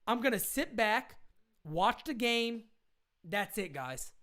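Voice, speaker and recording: A woman hosts a casual livestream for sports fans, answering viewer questions as she goes. Her pitch swings widely, and she hammers her points home by repeating them in slangy, blunt phrases. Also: sing-song, slow, fairly bright tone. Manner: slangy fan talk, occasional swearing. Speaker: live stream host. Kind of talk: casual live stream chat.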